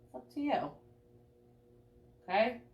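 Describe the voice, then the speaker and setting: A woman's voice: a little high, lively intonation, slow, creaky, muffled recording, a little hiss or hum. A young woman teaching a live online painting class, chatty and encouraging, checking in with "okay?" often. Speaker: art teacher.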